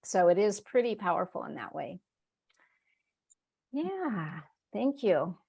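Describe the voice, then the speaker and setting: A woman's voice: mid-range voice, sing-song, slow, vocal fry, slightly rough, dull audio. A woman leading a spiritual workshop, telling stories in a chatty way, acting out her inner voice in quoted asides and laughing often. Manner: warm, chatty storytelling with frequent laughs. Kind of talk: live online workshop talk.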